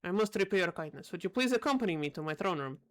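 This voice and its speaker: A woman playing a gruff, stern old king. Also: on the low side, animated, quick pace, a bit bright. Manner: gruff, put-on accent. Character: older male king, stern and fatherly.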